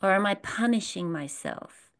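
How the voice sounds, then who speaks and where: A woman's voice: mid-range voice, lively intonation, moderate pace. Woman leading a spiritual workshop. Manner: earnest, repetitive, asks the audience questions. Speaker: workshop leader. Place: workshop room with a live audience.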